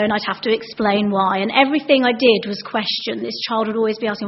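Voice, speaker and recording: A woman's voice: on the high side, fast talker, hardly any pauses, lo-fi sound. A young woman giving a chatty, anecdotal sermon as a preacher, acting out the voices she quotes.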